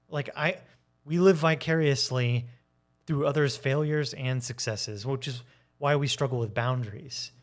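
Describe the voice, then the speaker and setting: A man giving a casual personal monologue, candid and animated, acting out arguments in changing voices and swearing now and then. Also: a little high. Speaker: video essayist.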